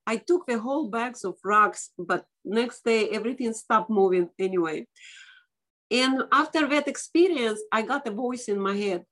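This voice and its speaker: A woman with a fairly high voice tells a personal story as an interview guest. She speaks English as a second language, with non-native grammar, and her delivery is animated and dramatic. She leaps up in pitch when she acts out what people said. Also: normal speed. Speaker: guest author and doctor.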